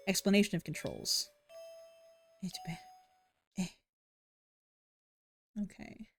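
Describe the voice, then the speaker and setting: A woman's voice: lowish voice, steady tone, slow, pauses often, soft background music. A woman streamer reading a game's story text aloud, giving the first-person lines a dramatic read and breaking off for wry asides and self-corrections. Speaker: game streamer.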